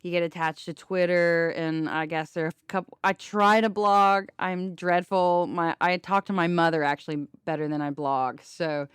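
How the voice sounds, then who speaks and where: A woman's voice: lowish voice, steady tone, normal speed, hardly any pauses, clean tone, no echo, studio quality. A woman from Kansas, a musician guest in a casual radio interview, chatty and self-deprecating. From Kansas, USA.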